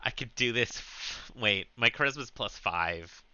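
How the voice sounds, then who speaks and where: A man playing a tabletop game, making quick offhand asides on a dull, lo-fi microphone. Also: mid-range voice, expressive, bright, forceful tone. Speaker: player. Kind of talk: casual tabletop chat. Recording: dull lo-fi mic.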